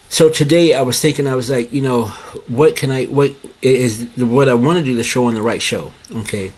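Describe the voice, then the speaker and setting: A man's voice: mid-range voice, moderate pace, few pauses. A middle-aged man hosting his own show, talking casually to viewers, often repeating phrases and calling them "guys". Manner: repetitive, restarts phrases, addresses "guys". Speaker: show host. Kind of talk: casual live-stream talk.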